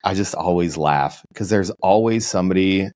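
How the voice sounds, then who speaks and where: A man co-hosting a podcast, telling stories in a relaxed, joking way and laughing often. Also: low voice, normal speed, no echo, studio quality. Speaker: podcast co-host. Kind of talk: casual podcast chat.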